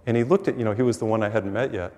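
A man who is a priest, giving a sermon and telling stories, acting out the dialogue with lively energy. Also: fairly low pitch, racing. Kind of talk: sermon with storytelling. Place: church, taped for TV. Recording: long reverb of a church hall.

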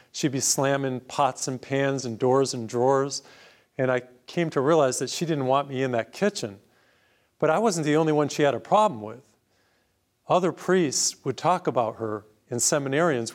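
Earnest priest telling a story. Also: male voice, medium pitch. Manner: conversational, earnest storytelling with emphatic repetition. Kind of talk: homily with personal story.

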